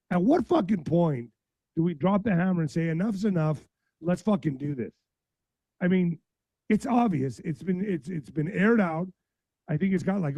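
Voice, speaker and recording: A man hosting a political podcast livestream, blunt and profane, reading news aloud and ranting, his voice going hoarse. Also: high-pitched, dry recording, lo-fi sound. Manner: blunt, heated, reads news aloud then rants. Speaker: podcast host.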